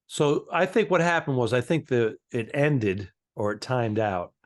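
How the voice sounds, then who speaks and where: A man with a mid-range voice chats casually as a comedy podcast co-host. He breaks in with wry comments and deadpan jokes while his partner tells a story. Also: medium pitch, a little slow. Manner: wry interjections and dry jokes.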